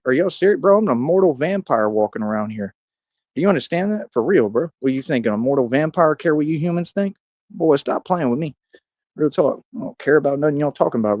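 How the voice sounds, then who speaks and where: Man, mid-pitch, swaggering street-slang rant, dry lo-fi stream audio. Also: no room sound. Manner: boastful, confrontational street slang; coos softly at a cat. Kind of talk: rambling livestream monologue.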